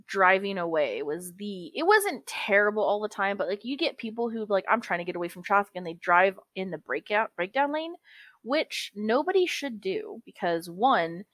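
A woman's voice: medium pitch, sing-song, moderate pace, a bit bright, no room sound. Chatty, swearing woman podcaster. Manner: chatty, swears freely, calls everyone girl. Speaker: podcast co-host. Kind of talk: casual chat.

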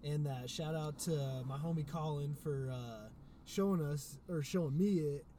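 A man's voice: fairly high pitch, normal speed, mellow, a little hiss or hum. A man co-hosting a casual podcast chat, easygoing and slangy. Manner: easygoing, says "bro" and "man". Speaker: podcast co-host, musician. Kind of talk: casual chat among friends.

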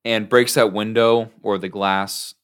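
A man's voice: lowish voice, little pitch movement, measured pace, a bit bright, smooth. A man in casual podcast chat, recapping scenes in a rambling way full of filler words.

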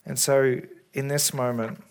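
A man preaching in a church, speaking as a pastor in an earnest, caring way with halting restarts, into a stage microphone. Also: medium pitch, little pitch movement, smooth. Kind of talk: sermon. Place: church service. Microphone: handheld or stage microphone.

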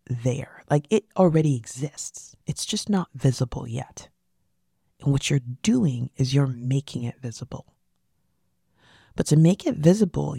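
Gravelly, emphatic motivational podcast host. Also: mid-range voice, dark tone, no echo, clean studio sound. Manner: emphatic, repeats key phrases, drops into whispers for emphasis.

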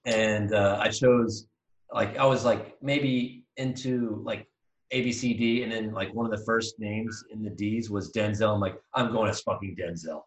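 A man in his thirties, co-hosting a casual podcast, telling a rambling, animated story full of restarts. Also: on the low side, moderate pace, distant mic. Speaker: podcast co-host. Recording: echoey room, voice off-mic.

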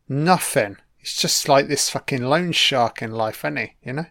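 A man's voice: mid-range voice, normal speed, a bit bright, no room sound, clean studio sound. A man giving a casual, rambling film commentary, swearing freely and chuckling between asides.

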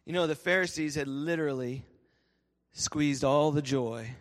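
A man, a pastor preaching a sermon and telling lively stories that he laughs through. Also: a little high, a little slow. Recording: reverberant church hall.

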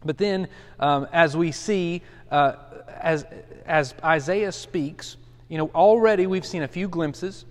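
A pastor in his forties leads a Bible study in a casual, earnest manner, often restarting sentences and using fillers. His voice is on the high side and slow, recorded with long hall reverb.

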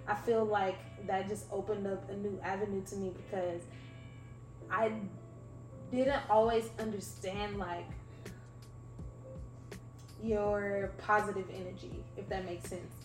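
A woman hosting a podcast, talking casually in a rambling, animated way with lots of fillers. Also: medium pitch, unhurried, long pauses. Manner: rambling, animated, heavy use of "like". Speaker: podcast host. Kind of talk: casual interview chat. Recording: echoey room, faint music.

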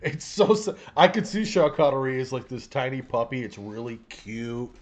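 A man's voice: medium pitch, expressive, normal speed. A man co-hosting a casual podcast, rambling and swearing with lots of laughter. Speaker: podcast co-host. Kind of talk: casual banter.

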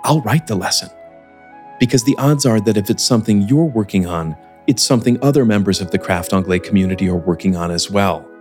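A man with a fairly low voice hosts a scripted podcast lesson, explaining points in a clear, measured way. Soft music plays faintly underneath him. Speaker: English teacher and podcast host.

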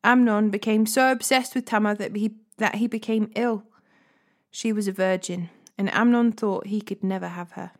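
A woman reading a Bible passage aloud as a steady storyteller, hosting a daily reading series. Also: mid-range voice. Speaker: Bible reader.

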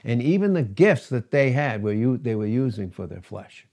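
Male pastor, mid-pitched voice, animated sermon delivery with scripture readings. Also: moderate pace. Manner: animated preaching, reads scripture aloud, laughs between points.

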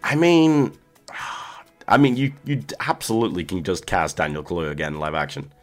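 A man's voice: deep voice, moderate pace, faint music behind. A man hosting a solo movie podcast, chatting casually and laughing often. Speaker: podcast host.

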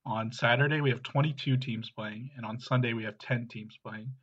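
Husky man co-hosting over a dull line. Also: medium pitch, moderate pace. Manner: steady, list-like delivery with fillers. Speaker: podcast co-host. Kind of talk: casual chat. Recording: dull lo-fi sound.

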